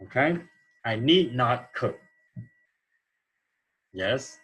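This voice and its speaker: A man's voice: mid-range voice, lively intonation, extremely slow, a bit bright, breathy edge, rough recording. A man teaching an English grammar lesson, explaining answers step by step and checking in with "okay?" as he goes.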